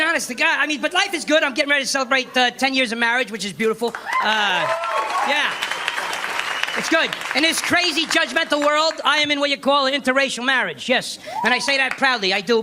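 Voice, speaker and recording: A middle-aged male comedian tells stories in a brash, chatty way, checking in with the audience often. His voice sits high above a laughing live crowd and steady room noise. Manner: brash, conversational, asks audience "right?". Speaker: stand-up comedian. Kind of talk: stand-up routine. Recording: live stage mic with crowd.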